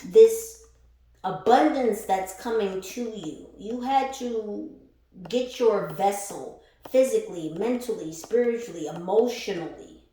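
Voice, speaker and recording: Speaking slowly in a medium-pitched voice with a dark tone, a tarot reader offers her followers a casual spiritual reading. She's blunt, swears, and laughs a lot as she talks, and she sounds far from the mic in an echoey room.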